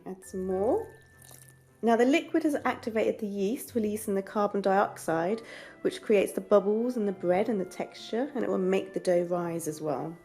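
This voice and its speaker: With a mid-range voice and dark tone, a woman leads a home cooking lesson as the show's host. She's chatty and encouraging as she explains every step, and she runs short of breath when she kneads.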